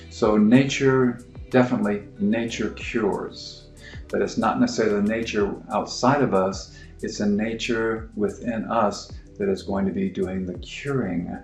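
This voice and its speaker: A middle-aged man explaining his clinic's approach in a halting, informal way, full of fillers and restarts. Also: on the low side, darkish tone. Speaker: naturopathic clinic practitioner. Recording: roomy echo with faint music.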